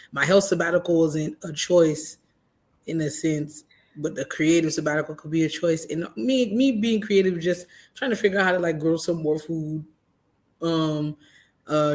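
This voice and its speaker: A woman on a group call, talking in an easygoing, rambling way. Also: deep voice. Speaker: call participant. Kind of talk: casual chat.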